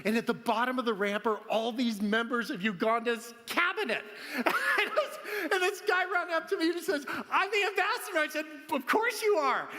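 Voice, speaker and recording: Excitable speaker, man, high voice, keeps cracking himself up; big hall echo. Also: normal speed. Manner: laughs often, animated and excitable. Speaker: conference speaker. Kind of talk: storytelling keynote talk. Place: large conference hall.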